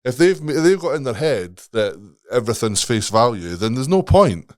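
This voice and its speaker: A man's voice: medium pitch, very animated, normal speed, dry recording, clean studio sound. A man, a guest on a podcast, rambling casually and swearing emphatically.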